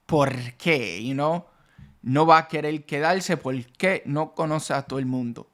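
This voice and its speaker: A man's voice: on the high side, moderate pace, fairly bright tone. Chatty man teaching Spanish pronunciation. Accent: Caribbean Spanish, Puerto Rican with Dominican cadence. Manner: chatty, switches between English and Spanish, demonstrating pronunciation. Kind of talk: casual language lesson.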